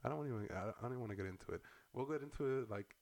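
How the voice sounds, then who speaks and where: A man co-hosting a podcast in casual political chat, rambling and profane, full of slang and loud outbursts. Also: medium pitch, rapid-fire. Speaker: podcast co-host.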